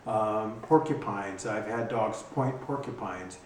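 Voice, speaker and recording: A man who trains hunting dogs explains his gear in a casual instructional video, talking haltingly with frequent ums and restarts. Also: lowish voice, darkish tone. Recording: echoey room, distant mic, faint noise.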